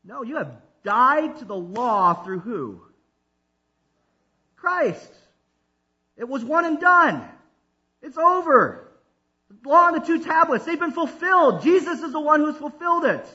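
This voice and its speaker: A man preaching a sermon as pastor, calling for responses from the congregation and swinging between loud and hushed delivery. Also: extremely high pitch, big pitch swings, measured pace, pauses often, dull audio.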